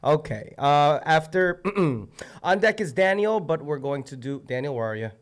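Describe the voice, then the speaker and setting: A man hosting an open mic night in an indoor venue, hyping the crowd with loud, slangy call-outs into a stage mic. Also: fairly high pitch, expressive, normal speed. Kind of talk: hyping up the crowd between acts. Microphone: stage microphone.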